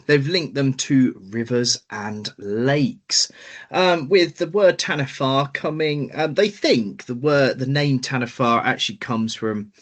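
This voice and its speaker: Guy cohosting a podcast, slow and ummy, voice goes all over. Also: medium pitch, fairly bright tone. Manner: hesitant, many ums while explaining research. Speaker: podcast co-host. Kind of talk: casual chat.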